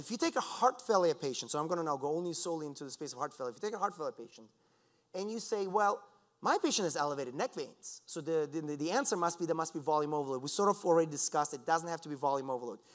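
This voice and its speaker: Lively man giving a conference lecture. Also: a little high, quick pace. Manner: lively, conversational lecturing with asides to the audience. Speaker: conference speaker. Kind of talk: scientific conference talk. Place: lecture hall.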